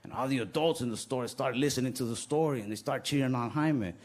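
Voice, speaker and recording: A man doing stand-up comedy, telling a story in a laid-back, deadpan way. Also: mid-range voice, fast talker.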